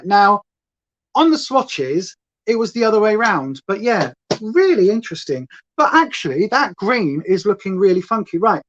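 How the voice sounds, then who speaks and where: Chatty woman, slightly lo-fi. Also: mid-range voice. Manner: rambling, reads chat aloud, playful. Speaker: makeup livestream host. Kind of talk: chatty livestream makeup tutorial. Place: at home. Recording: slightly dull lo-fi sound.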